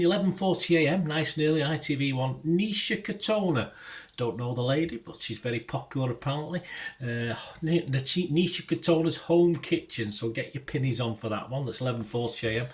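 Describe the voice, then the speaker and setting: A man's voice: mid-range voice, brisk. Rambling British man chatting TV listings. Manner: rambling, digressive, chatty asides. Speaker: TV listings reviewer. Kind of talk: casual TV guide chat.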